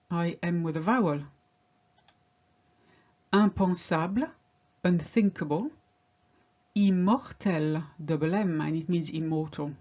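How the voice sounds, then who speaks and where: Slow, deliberate woman teaching pronunciation. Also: on the low side, dark tone, highs cut off. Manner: slow, deliberate word-by-word drilling. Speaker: French teacher. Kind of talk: pronunciation lesson.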